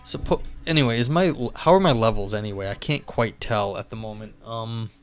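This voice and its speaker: A man's voice: fairly low pitch, brisk, clear, resonant tone. A man streaming live, chatting casually and rambling with lots of fillers and restarts. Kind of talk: casual live-stream chat and reading aloud. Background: faint music.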